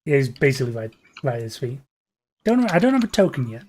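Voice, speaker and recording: A man's voice: mid-range voice, big pitch swings, darkish tone. A man narrating as game master of a tabletop game, hesitant, with frequent fillers and restarts. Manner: halting, filler-heavy, restarts sentences.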